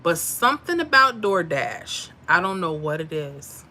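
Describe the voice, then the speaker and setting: A woman's voice: fairly low pitch, big pitch swings, measured pace, bright, forceful tone. A woman hosting a casual livestream, chatting animatedly and reading out viewer comments and lottery numbers. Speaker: livestream host.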